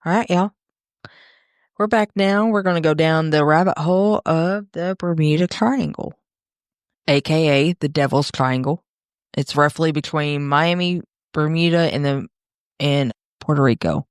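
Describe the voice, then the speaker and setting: A woman with a Southern US accent co-hosting a podcast in casual chat, bubbly and quick to apologize. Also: sits low, smooth, no room sound, studio quality. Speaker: podcast co-host.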